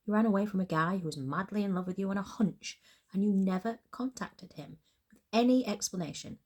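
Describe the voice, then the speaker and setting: A woman's voice: mid-range voice, fairly quick, darkish tone, close to an everyday voice. A woman voicing a blunt, caring female friend and boss who pushes hard and talks matter-of-factly. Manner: pushy, insistent, matter-of-fact.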